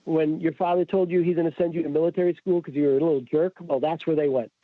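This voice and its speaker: A man's slightly high voice comes through fast and echo-free on a tinny, phone-like remote line. As a podcast guest in casual chat, he tells a story with lively energy, acting out the quoted dialogue.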